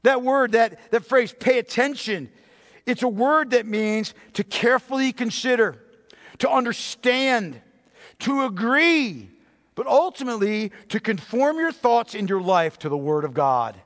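Man, pastor, sermon, emphatic, slow deliberate delivery, long hall reverb. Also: very high-pitched, lively intonation, a bit bright. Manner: emphatic, repeating phrases, slowing down to stress words.

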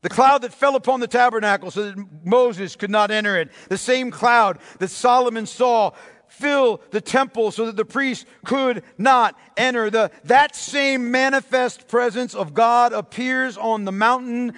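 A male preacher giving a sermon, emphatic and repeating key phrases, swinging between loud and hushed delivery. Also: extremely high pitch, unhurried. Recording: long reverb of a large hall.

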